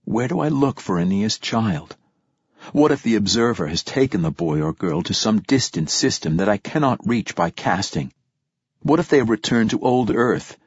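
A man narrates an audiobook in the first person, with a steady, reflective reading. His voice is low and husky. The recording is dull and very dry. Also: normal speed, no echo.

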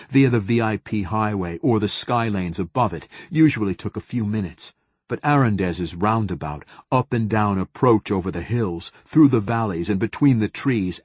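A man narrating an audiobook in a steady, measured reading. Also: on the low side, breathy edge, no room sound. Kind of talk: scripted narration.

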